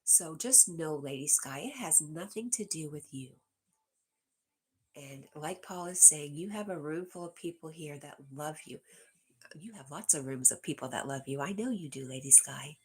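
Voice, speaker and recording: Low husky woman hosting a livestream. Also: moderate pace. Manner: reads comments aloud and answers viewers directly, drops to a whisper at times. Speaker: livestream host reading viewer chat. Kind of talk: casual livestream chat.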